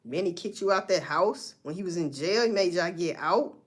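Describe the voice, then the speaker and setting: Woman, livestream host, blunt profane commentary, animated pitch. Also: moderate pace. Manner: blunt, profane, talks straight to viewers.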